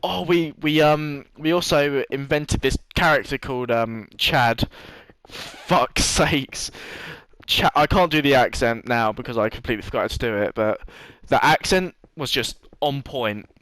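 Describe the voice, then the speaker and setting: A man's voice: medium pitch, a little slow, fairly bright tone, no echo, low-quality recording. A young man telling a long rambling story to his vlog audience, swearing freely and laughing often. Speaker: vlogger. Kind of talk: casual storytelling monologue.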